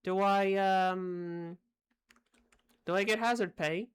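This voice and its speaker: A woman streamer commenting casually on a game as she plays it live. Her voice sits at an ordinary middle pitch. She rambles and jokes, with plenty of fillers and restarts. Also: fairly even intonation, slow, clean tone. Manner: joking, rambling, with filler words.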